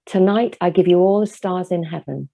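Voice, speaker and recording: A woman voicing a tender, giving old woman in a told story, speaking gently and from the heart. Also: fairly low pitch, moderate pace, vocal fry.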